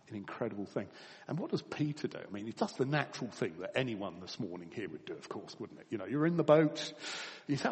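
A man preaching to a congregation, his voice swinging from ringing highs to low, quiet stretches. He chuckles between points as he tells the story. The sound carries a long reverb from a church hall. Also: fast. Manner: storytelling with animated rises and soft drops. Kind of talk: sermon.

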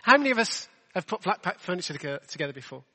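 A man's voice: sits high, big pitch swings, quick pace, sharp tone, big-room sound. A man preaching a sermon in a chatty, self-deprecating way, full of rhetorical questions. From England.

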